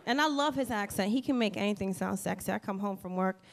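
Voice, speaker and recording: In a comedy club, a woman with a medium-pitched voice talks fast through a stand-up set, brash, profane and sassy, into a handheld stage mic. It's live club audio with crowd noise.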